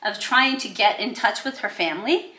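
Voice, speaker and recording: An American woman hosts a podcast conversation, chatty and quick to affirm her guest. Her tone is bright and clear, bouncing around a roomy, echoing space. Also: medium pitch. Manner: conversational, affirming with frequent mm-hmms. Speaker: podcast host. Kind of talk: casual interview chat. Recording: echoey room.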